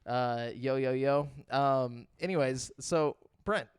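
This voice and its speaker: A young man co-hosting a podcast in a relaxed, joking way, with a smooth, clear voice. He laughs easily and stops to restart his sentences. His voice is close and dry, with no room sound. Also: medium pitch, slow, dry recording. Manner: joking, laughs often, many fillers and restarts. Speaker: podcast co-host. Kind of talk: casual podcast chat.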